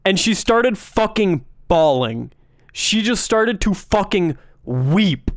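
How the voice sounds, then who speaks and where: High-voiced, clear-toned male streamer. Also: moderate pace, no room sound, studio quality. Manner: animated, profane, laughs often. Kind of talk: casual livestream storytelling.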